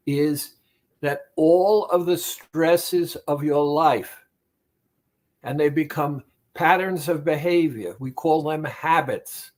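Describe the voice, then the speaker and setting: A man, a therapist, speaking directly to the listener about weight loss in a deliberate, repetitive, emphatic monologue. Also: fairly high pitch.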